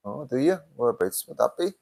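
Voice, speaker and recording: A man's voice: medium pitch, big pitch swings, a little fast, vocal fry, darkish tone. An older man hosting a casual live stream, reading out viewer comments, swearing often and sounding tired. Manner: swears a lot, tired and yawning. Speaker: livestream host.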